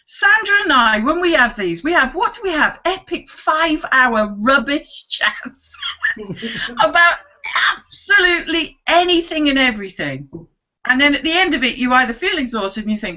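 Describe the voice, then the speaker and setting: A woman, co-hosting a casual online chat, animated and laughing often as she acts out voices. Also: sits high, moderate pace, dull audio. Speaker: co-host.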